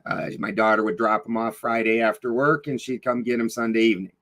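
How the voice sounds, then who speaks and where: Middle-aged man, mid-pitched, plainspoken and blunt, talks in loose rambling runs over a video call. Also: flat delivery, fairly quick, a bit bright, poor audio. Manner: rambling and blunt, swears freely, many fillers and restarts. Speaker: podcast guest. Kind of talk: casual storytelling interview.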